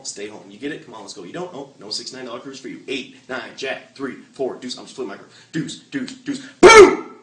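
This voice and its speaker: A man rattles through a motivational sales training talk at a fast clip, his voice low-pitched but sharp and forceful. He jokes and throws rhetorical questions at the room. The recording picks him up from far off in an echoey meeting room. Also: a little hiss or hum. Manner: energetic, joking, fires rhetorical questions.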